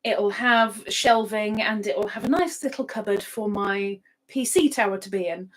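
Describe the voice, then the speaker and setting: A woman's voice: mid-range voice, normal speed, a little hiss or hum, rough recording. A woman hosting a live stream from her home computer setup, chatting casually, often repeating herself and laughing. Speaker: livestream host.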